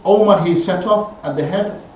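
A man giving a Friday sermon in a mosque, telling stories animatedly and rising in pitch and force when he quotes people. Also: normal speed, slight background noise. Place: mosque prayer hall. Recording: very echoey hall, voice from far off.

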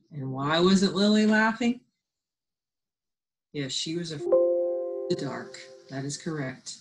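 Her low, animated voice carries a phonics and spelling lesson delivered remotely. This teacher slowly sounds out letters and words, cheering on her absent students.

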